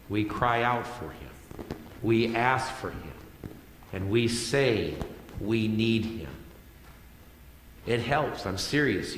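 A man's voice: on the low side, lively intonation, slow pace, long pauses, a little hiss or hum. A male pastor preaching a sermon in a conversational way, repeating phrases for emphasis. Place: church sanctuary. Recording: echoey hall with long reverb.

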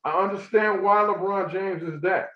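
Heated male podcast co-host, high voice, profane rants; echoey, muffled room sound. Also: fairly even intonation, moderate pace. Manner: ranting, profane, swings loud and high when worked up. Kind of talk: heated casual chat.

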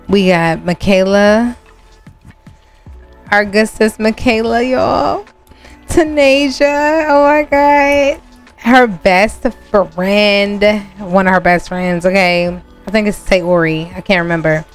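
Slow, chatty woman narrating a game. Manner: chatty, addresses viewers, sudden high exclamations. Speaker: gaming channel host. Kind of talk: casual gameplay narration.

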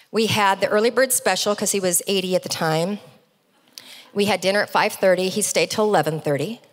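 A middle-aged woman giving a motivational keynote speech on stage, telling stories as a lively, animated storyteller with comic asides. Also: medium pitch, long reverb tail. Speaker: keynote speaker. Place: large event hall, on stage.

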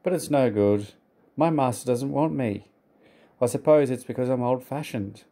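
A man voicing a sad, proud old male traction engine who speaks gently and simply. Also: mid-range voice, normal speed, close to an everyday voice.

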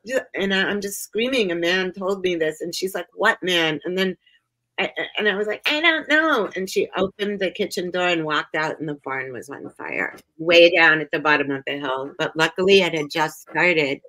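Bright-voiced woman telling stories. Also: fairly low pitch, moderate pace, low-quality recording. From upstate New York. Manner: animated, acts out quoted voices, laughs often. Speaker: guest. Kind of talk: casual storytelling chat.

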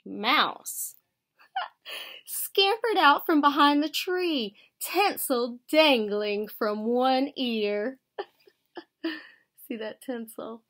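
An American woman teacher reading a picture book aloud to children, gently explaining words as she goes. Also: sits high, lively intonation, extremely slow, long pauses. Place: school.

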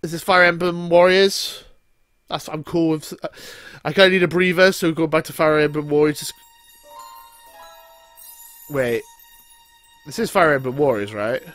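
A man watching a game showcase and reacting out loud, excited, swearing and talking to himself. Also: a little high, measured pace, pauses often, faint music behind. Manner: excitable, shouting and swearing in bursts. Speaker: reaction video maker. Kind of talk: live reaction commentary.

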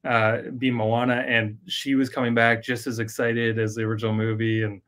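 A man's voice: medium pitch, flat delivery, normal speed, a bit bright. Upbeat man telling studio stories. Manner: friendly, upbeat storytelling. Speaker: guest, animation director. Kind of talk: casual interview.

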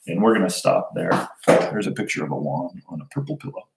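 A man with a fairly low voice reads a novel aloud to his class in a steady, unhurried way. The recording carries a roomy echo around him. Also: gravelly. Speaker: teacher. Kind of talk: reading a novel aloud to students.

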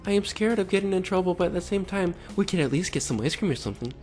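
A man doing a whiny, high-pitched needy creep. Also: animated, fast talker, a little mellow, soft background music. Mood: pleading. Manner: whiny, pleading, mocking. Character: needy, pushy adult male online creep.

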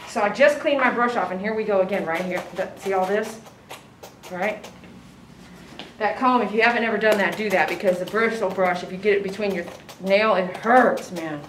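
A woman dog groomer giving casual running commentary while she works, chatty and softly cooing to the dog. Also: medium pitch, normal speed, slight background noise. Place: grooming salon. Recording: echoey room, mic at a distance.

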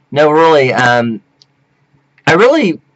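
Flamboyant whooping man with swooping pitch. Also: a bit bright, rough recording. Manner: flamboyant, whooping, giggly, theatrical swings from shrill to low mutter. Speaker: performance artist vlogger. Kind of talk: rambling camp monologue to webcam. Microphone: webcam.

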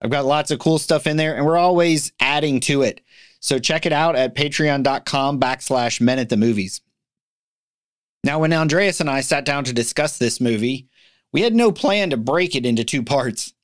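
A male podcast host talking in an easygoing, chatty way, with a middle-pitched voice. He laughs easily and trips over his own restarts. The sound is dry and close to the mic. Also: moderate pace, dry recording. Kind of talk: casual podcast chat.

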